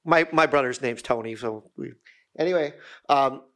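A man's voice: mid-range voice, normal speed, a bit bright. A man co-hosting a casual podcast chat, rambling and self-deprecating, with many fillers and restarts. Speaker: podcast co-host.

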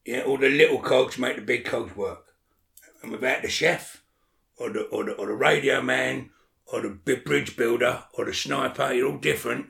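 A man's voice: mid-range voice, steady tone, normal speed, gravelly, a bit bright, reverberant. A man talking as an interview guest in casual chat, blunt and swearing a lot, often checking that the listener follows.

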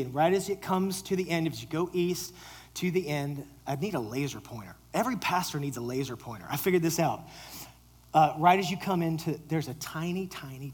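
A man preaching a sermon to a live audience, animated, joking with the crowd and dropping to a whisper for quoted lines. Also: fairly high pitch, slightly rough, poor audio. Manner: jokes with the audience. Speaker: pastor.

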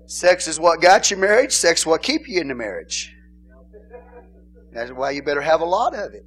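High-voiced pastor joking from the pulpit. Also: male voice, moderate pace. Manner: joking, animated preaching with laughs and call-outs to the congregation. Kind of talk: sermon.

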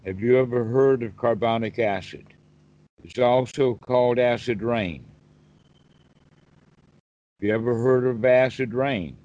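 A man's voice: medium pitch, a little slow, long pauses, a little mellow, highs cut off. A man, a Buddhist teacher, explaining patiently on a one-on-one call and asking rhetorical questions. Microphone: video call.

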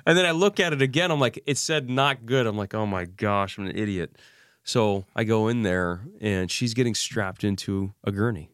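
A man with a very low voice talks as an interview guest. He tells an emotional personal story in an animated way, acts out remembered dialogue and uses many fillers. His voice sounds close and dry. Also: normal speed, clear, resonant tone, no echo.

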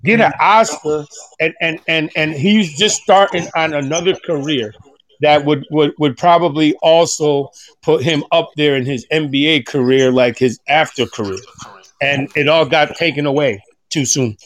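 On a podcast, a middle-aged male guest chats casually and with emotion in a fairly bright, higher-pitched voice. He halts often, restarting sentences and filling gaps with fillers. The recording is dry, with no room sound.

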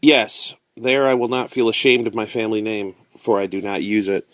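A man reading aloud as an honorable young gentleman who speaks earnestly and formally. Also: on the low side, level tone, normal speed, no echo, close to an everyday voice.

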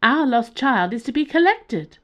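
A woman reading a story and voicing a glowing red-skinned alien delegate, high-pitched and flat in a commanding way. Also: measured pace. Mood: imperious. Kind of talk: audiobook character voice.

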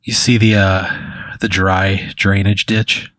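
A man's voice: low voice, little pitch movement, takes it slowly, a bit bright, no room sound. A man hosting a comedy podcast, narrating a rambling second-person hypothetical full of "like" and swearing. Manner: rambling, heavy use of "like" and swearing. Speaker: podcast host spinning a hypothetical.

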